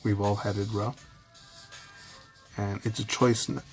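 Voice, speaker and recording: Man rambling candidly, low voice. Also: flat delivery, unhurried, soft background music. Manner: rambling, candid, swears, mimics others in high voice. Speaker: vlogger. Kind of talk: personal reflective monologue.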